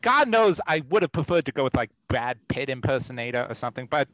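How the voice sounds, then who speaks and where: A man plays an improv scene on a video call with wry, hesitant delivery full of fillers. His mid-pitched voice moves up and down a lot. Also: sing-song, fast, a bit bright, no room sound, clean studio sound. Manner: wry, hesitant, many uhs. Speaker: improv performer.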